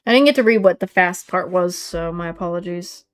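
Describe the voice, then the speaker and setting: Apologetic woman streamer reading game lines. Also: lowish voice. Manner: apologetic, self-correcting, reads lines haltingly.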